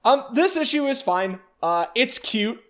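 A man's voice: very high-pitched, big pitch swings, measured pace. A man co-hosting a podcast, reviewing comics in a wry, hesitant casual chat. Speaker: podcast co-host.

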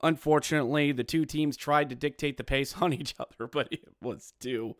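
A man hosting a solo hockey fan podcast, ranting in an animated, exasperated way and mimicking other fans. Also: fairly high pitch, normal speed, no echo, clean studio sound. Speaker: podcast host.

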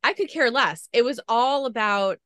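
A woman's voice: a little high, moderate pace, bright, forceful tone, no room sound. A woman podcast host gushing as she retells a story in a casual interview chat.

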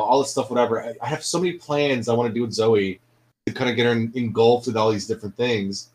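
A man's voice: lowish voice, rough recording. A man co-hosting a podcast, talking in a laid-back way full of fillers and swearing. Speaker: podcast co-host. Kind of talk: casual chat.

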